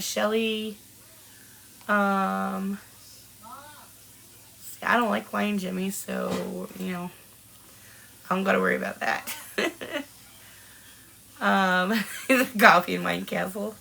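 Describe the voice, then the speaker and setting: A woman in her forties from Washington State chats on a live-streamed podcast and reads out viewer comments. Her voice is bright and forward, with a gravelly fry. She greets people by name and laughs often. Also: medium pitch, a little hiss or hum, low-quality recording. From Washington State, USA. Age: 40s. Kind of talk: casual chat reading out live comments.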